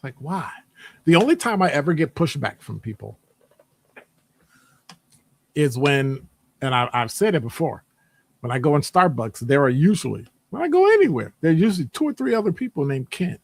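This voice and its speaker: A man talking casually in a rambling monologue, animated and digressive, jumping into high voices when quoting people. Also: moderate pace, gravelly, long pauses. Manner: conversational, digressive. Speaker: podcast host; academic department member.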